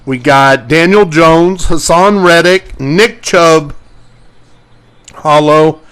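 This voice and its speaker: A man hosts a live sports card break, reading out each player as the packs open and greeting viewers by name. His voice sits a bit high for a man, and he takes his time with every call. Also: slow, a bit bright, clear, resonant tone.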